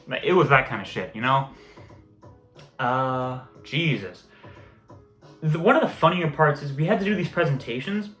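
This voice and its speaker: A man's voice: mid-range voice, expressive, normal speed, long pauses, fairly bright tone. A young man telling a casual story, rambling and swearing often. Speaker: vlogger. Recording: roomy echo, faint music behind.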